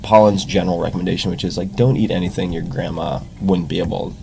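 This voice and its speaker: Deep-voiced man, podcast guest, easygoing storyteller, faint hiss behind. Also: vocal fry. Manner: relaxed, measured, uses "like" as filler. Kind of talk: casual conversation.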